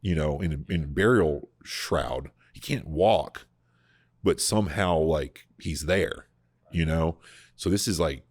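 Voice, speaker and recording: A man hosting a podcast, explaining scripture in a casual, animated way, often restarting his sentences. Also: very deep voice, measured pace, no echo. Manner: animated, full of restarts and repeated words. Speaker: podcast host discussing scripture. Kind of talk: casual conversational Bible teaching.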